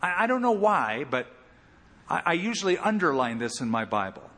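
A man preaching an expository sermon as pastor, animated, with big swings in pitch and loudness. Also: moderate pace, long reverb tail.

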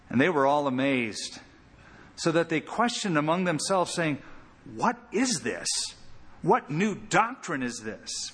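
A man preaching an expository sermon as pastor, animated, with big swings in pitch and loudness. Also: long reverb tail.

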